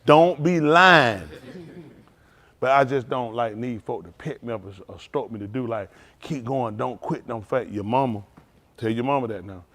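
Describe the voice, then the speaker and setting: A man's voice: medium pitch, normal speed, fairly bright tone. A man preaching an informal testimony to his congregation, emotional and conversational, often breaking into laughter and exclamations. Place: synagogue hall during livestream.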